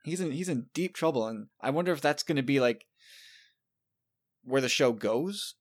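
A man's voice: mid-range voice, animated, normal speed. A man in his thirties hosting a casual chat, talking loosely and often restarting his words.

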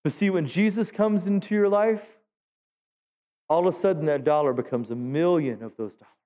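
High-pitched guy preaching to his church, keeps asking the crowd stuff, muffled boomy recording. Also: moderate pace, mellow. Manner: conversational preaching, asks the congregation questions. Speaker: pastor. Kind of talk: sermon. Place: church sanctuary. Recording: dull lo-fi sound with long hall reverb.

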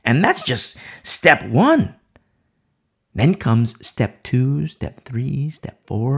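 A man's voice: mid-range voice, big pitch swings, very slow, vocal fry, a bit bright, breathy edge. A man preaching a Bible sermon, emphatic and repeating key phrases for emphasis.

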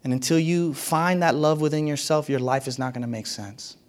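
A man preaching a sermon, emphatic and repetitive, sometimes dropping his voice to a whisper and sometimes rising sharply. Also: moderate pace. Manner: emphatic, repeats key phrases, pitch swings widely.

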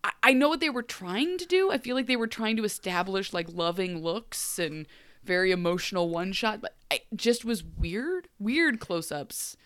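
An animated woman co-hosting a podcast, recapping a TV episode in loose, casual chat. She laughs easily and jumps into high little character voices. Her voice sounds dry and close, with no room around it. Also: normal speed, clear, resonant tone, dry recording. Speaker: podcast co-host.

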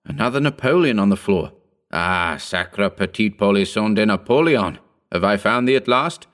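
A man voicing a boisterous old French ex-soldier with a hoarse voice and an effusive, exclaiming manner. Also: fairly low pitch, lively intonation, moderate pace, a bit bright. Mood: fussing.

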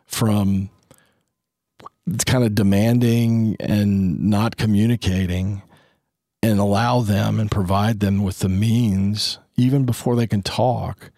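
A man's voice: fairly low pitch, fairly even intonation, slow, dark tone, no room sound, clean studio sound. A man in his fifties giving casual, earnest parenting advice, acting out family dialogue as he goes. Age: 50s.

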